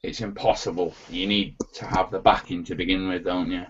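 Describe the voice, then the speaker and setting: A relaxed man chats as a guest on a live stream, friendly and casual, calling the host "mate". His voice is on the low side. The call audio is dull and lo-fi. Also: a little fast, breathy edge. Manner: easygoing, chatty, says "mate". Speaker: guest, YouTuber.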